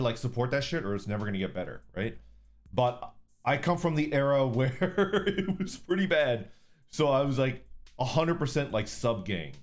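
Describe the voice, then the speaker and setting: A man's voice: mid-range voice, darkish tone. A man streaming under an orc persona, casually chatting with viewers, reading super chats, laid-back and profane, laughing often.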